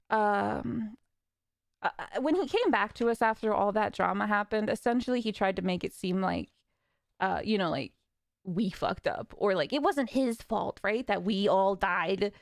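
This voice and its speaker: A young woman streamer ranting casually, frustrated and swearing with nervous laughs, her voice a little raspy from talking. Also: mid-range voice, no room sound, studio quality.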